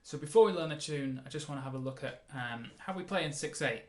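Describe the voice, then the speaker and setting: A man teaching a mandolin lesson, explaining in a relaxed way and counting the beats aloud. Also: medium pitch, fast. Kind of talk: casual music lesson. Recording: roomy sound with mandolin playing.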